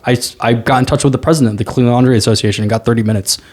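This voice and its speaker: A man's voice: medium pitch, very fast. A man, a commercial real estate agent, telling stories as a guest in a casual interview, often tagging "right?" on his points. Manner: animated storyteller, repeats "right?".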